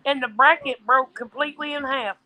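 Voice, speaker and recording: A woman's voice: sits high, steady tone, brisk, pushed and bright, a little hiss or hum, rough recording. A woman telling a casual story in folksy chat, quoting what people said. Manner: folksy, quotes people in her stories. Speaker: co-host of a trucking livestream.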